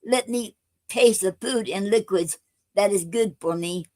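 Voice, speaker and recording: A woman hosts a poetry stream and reads her own verse at a very slow, unhurried pace. Her voice sits at a middle pitch and sounds close and dry, with no room around it. She talks in a halting way, with plenty of fillers and restarts. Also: a little mellow, dry recording. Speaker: poetry livestream host. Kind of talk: reading her own poems aloud.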